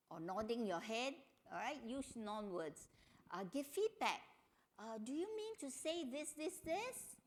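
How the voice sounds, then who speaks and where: A middle-aged woman giving a family seminar talk, telling stories and acting out quotes in a higher voice. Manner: animated storytelling, acts out quotes in a higher voice. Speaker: seminar speaker.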